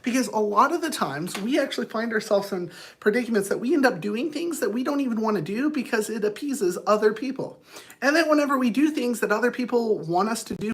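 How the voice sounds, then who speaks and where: A man's voice: very high-pitched, fairly bright tone. A man hosting his own livestream, chatting to viewers in a playful, rambling way. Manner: playful, rambling, talks to chat. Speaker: livestream host. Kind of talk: rambling casual livestream chat.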